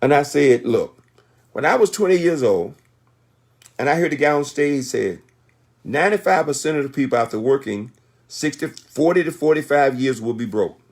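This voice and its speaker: A man's voice: mid-range voice, lively intonation, moderate pace. Emphatic preachy man in his sixties. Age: 60s. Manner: emphatic, repetitive, sermon-like. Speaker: motivational speaker on a conference call. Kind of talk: preachy motivational talk.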